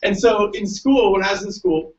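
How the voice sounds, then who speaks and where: A man's voice: high voice, moderate pace, recorded from a distance, muffled recording. A man giving a joking, story-filled motivational talk to students at a large event. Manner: joking, tells stories, laughs often. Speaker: keynote speaker.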